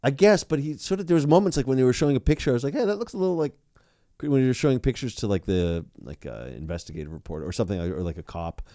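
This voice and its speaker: A man's voice: mid-range voice, very fast, few pauses, no room sound, studio quality. A young adult man co-hosting a podcast, chatting casually and animatedly with frequent restarts. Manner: animated, lots of restarts and laughter. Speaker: podcast co-host. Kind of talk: casual chat.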